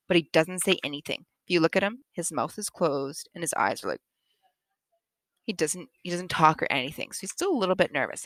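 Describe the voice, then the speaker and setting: Woman teacher, picture-book retelling for kids, gravelly edge, lively pitch, dry close sound. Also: no room sound. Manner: animated and expressive, with frequent laughs.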